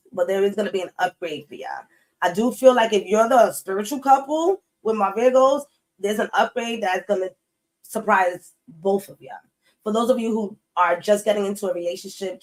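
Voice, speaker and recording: A woman's voice: medium pitch, low-quality recording. A woman giving a casual tarot reading straight to her viewers. She talks bluntly, swears freely and repeats her points for emphasis. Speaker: tarot reader.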